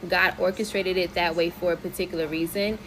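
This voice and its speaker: An American woman telling her own experience to camera in an earnest, reflective way, speaking in measured phrases. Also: lowish voice, fairly even intonation, background noise. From United States. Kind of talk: personal commentary to camera.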